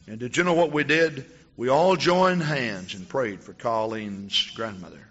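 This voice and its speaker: A male pastor preaching a testimony sermon, telling a story with animated storytelling and acting out the dialogue. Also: mid-range voice, normal speed, husky, big-room sound, dull audio.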